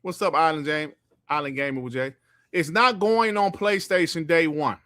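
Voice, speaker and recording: An older man hosts a casual gaming podcast, reading the live chat aloud and trash-talking with loud, profane banter and lots of laughter. His voice is a little high at normal speed, recorded with studio quality and no echo.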